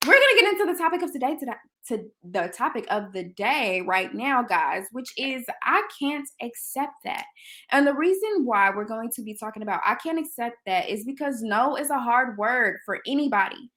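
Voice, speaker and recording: A young woman with a bright, ringing voice hosts a casual interview. She talks in a lively, chatty way with plenty of energy, and her voice sits a touch high. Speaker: host.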